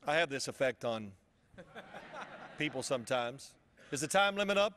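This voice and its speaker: A man's voice: medium pitch, expressive, moderate pace, a bit bright, big-room sound, slight background noise. A man giving a casual motivational speech at a luncheon, telling a story in a rambling way with frequent restarts. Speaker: luncheon speaker. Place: luncheon event hall.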